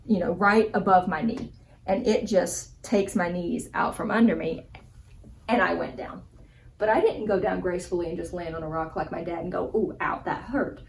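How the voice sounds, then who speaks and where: A young woman vlogger telling a funny personal story in a casual, animated way, laughing as she goes. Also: medium pitch, far from the mic, slight background noise, rough recording. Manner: animated, laughing, acts out gestures. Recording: voice a bit off-mic with faint background ambience.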